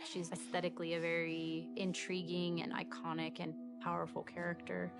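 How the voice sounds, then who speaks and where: A game developer in an interview, describing a character's design thoughtfully. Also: female voice, on the low side, completely flat delivery, normal speed, gravelly, over music. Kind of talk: behind-the-scenes interview.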